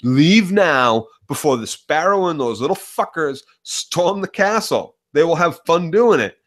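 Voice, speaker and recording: A man voicing a sharp-tongued old noblewoman with profane, cutting taunts while retelling a scene. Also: on the high side, lively intonation, a little slow, pitched above the performer's own voice. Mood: scornful. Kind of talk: retelling a scene in a podcast chat.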